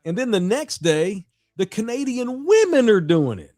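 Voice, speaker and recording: Male sports radio co-host, high lively voice, crude rowdy storyteller, dead-dry sound. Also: normal speed, dry recording. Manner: profane, animated storyteller. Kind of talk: casual sports talk.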